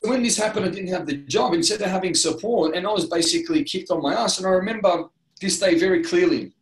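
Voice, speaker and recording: Speaking quickly in a high voice, this middle-aged Australian man shares his life story as an interview guest. His candid account is earnest but rambling, full of restarts, and the room adds noticeable echo.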